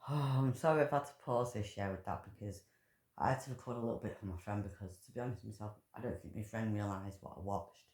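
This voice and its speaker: A woman's voice: a bass voice, quick pace, a little mellow. A woman ranting in angry commentary, full of swearing and emotional outbursts. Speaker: vlogger commentator. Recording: echoey room.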